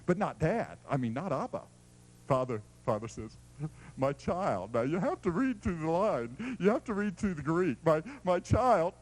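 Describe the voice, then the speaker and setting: A man preaching a sermon in a lively, playful storytelling way, swinging between loud exclamations and hushed asides. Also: a little high, moderate pace, low-quality recording.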